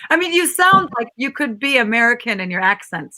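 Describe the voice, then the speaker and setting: A woman's voice: on the high side, big pitch swings, pushed and bright. A woman with a Minnesota accent hosting a casual live chat, joking and playful. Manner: playful, joking, quick to laugh. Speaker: live show host.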